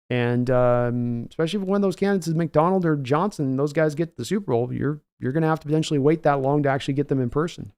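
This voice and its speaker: Casual talk-show man, slightly high voice. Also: quick pace, hardly any pauses, a little mellow, smooth, no echo, studio quality. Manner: rambling, conversational, reads out viewer names. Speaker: host. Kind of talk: casual livestream chat answering viewers.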